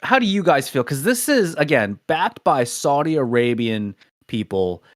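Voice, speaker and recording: A man's voice: on the high side, very animated, a little slow, no room sound, studio quality. A man co-hosting a casual podcast. He reads out topic introductions, then talks loosely with frequent restarts. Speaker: podcast co-host. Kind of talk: casual chat.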